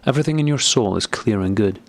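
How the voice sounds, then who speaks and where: A man voicing an affectionate, gentle married woman who speaks in a warm, earnest way. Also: lowish voice, expressive, quick pace. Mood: admiring.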